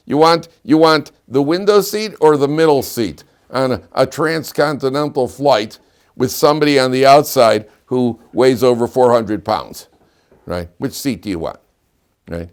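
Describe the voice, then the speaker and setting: A middle-aged man lecturing a class as a rabbi, with an ordinary, mid-range voice. He tells stories with a lot of expression, swinging from quiet asides to loud, emphatic high points. He stops often to quiz his listeners. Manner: animated storyteller, swings between loud emphatic peaks and low asides, quizzes students.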